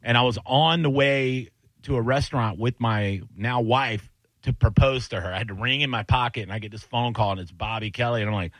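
Animated male radio host, dry mic. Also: mid-range voice, brisk, no room sound. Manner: animated storyteller, acts out quotes in other voices. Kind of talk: casual chat.

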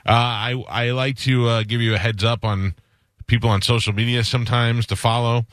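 A man's voice: medium pitch, level tone, moderate pace, fairly bright tone, no echo, studio quality. A man hosting a radio show, chatting casually and telling rambling stories, acting out the voices of the people he quotes.

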